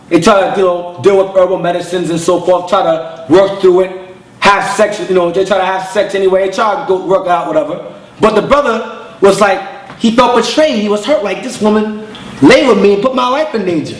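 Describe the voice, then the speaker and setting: A man's voice: high voice, a bit bright, reverberant, rough recording. A man, an elder of his congregation, preaching bluntly in street slang and telling stories with acted-out voices. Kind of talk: preaching lecture with storytelling.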